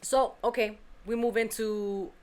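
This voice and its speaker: A woman hosting a podcast, telling a story in casual chat, animated and acting out the quotes, with casual swearing. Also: a little high, unhurried. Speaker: podcast host.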